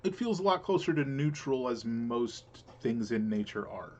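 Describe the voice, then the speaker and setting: A man's voice: medium pitch, expressive, normal speed, a little mellow, lo-fi sound, slight background noise. A man narrating as game master for a tabletop game, rambling with many fillers and restarts.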